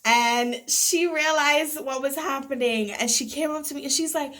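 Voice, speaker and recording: A young adult woman vlogger casually telling a dramatic story, animated and laughing as she goes. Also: high voice, moderate pace.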